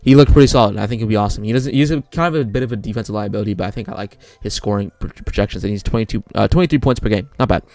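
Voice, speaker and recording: A young man rattles through his sports picks in a casual, rambling way, often stopping to correct himself. His voice sits on the low side with a gravelly edge. He is recorded close up in a dry room. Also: rapid-fire, few pauses, darkish tone, dry recording. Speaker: sports video creator. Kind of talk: casual bracket picks talk.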